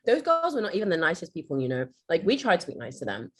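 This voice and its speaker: A woman's voice: lowish voice, huge pitch swings, quick pace, breathy edge. Chatty young woman telling stories. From United Kingdom. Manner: chatty, storytelling, acts out quotes. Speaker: podcast co-host. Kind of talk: casual storytelling chat.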